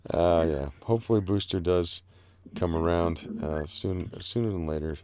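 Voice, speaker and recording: A man's voice: low voice, a little slow, a little mellow, no echo. A man hosting a live online panel in casual chat, rambling with fillers and easy laughs. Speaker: livestream host.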